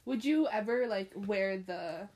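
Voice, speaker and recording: A young woman in casual chat, teasing and sarcastic with quick jokes. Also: medium pitch, a little mellow.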